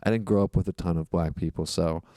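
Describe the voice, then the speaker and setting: A man's voice: sits low, fairly even intonation, fast talker, mellow, dry recording, clean studio sound. A man, a comedian guest on a podcast, telling stories in a rambling, reflective way with lots of fillers. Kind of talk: casual podcast chat.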